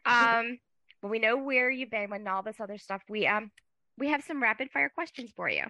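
Woman host, bright, upbeat, slightly high, dry close sound. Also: animated, moderate pace, dry recording. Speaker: interview host. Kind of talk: casual interview chat.

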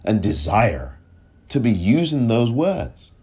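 A man's voice: medium pitch, huge pitch swings, slow, darkish tone, husky. A man hosting his own podcast, talking alone with emphatic rhetorical questions and now and then tripping over his words. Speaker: podcast host. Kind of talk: solo podcast commentary.

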